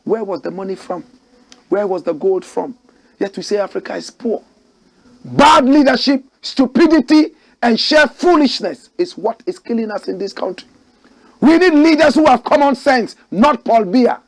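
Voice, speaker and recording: A man's voice: very high-pitched, animated, moderate pace. A Ghanaian man hosting a political commentary show, preaching in rhetorical, outraged bursts. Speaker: host.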